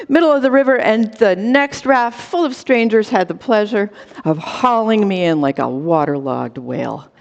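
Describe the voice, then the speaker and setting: A woman's voice: high voice, darkish tone. A woman performing a comic true story for a storytelling contest, with dramatic timing and short, punchy phrases over a video call. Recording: dull lo-fi audio with long reverb.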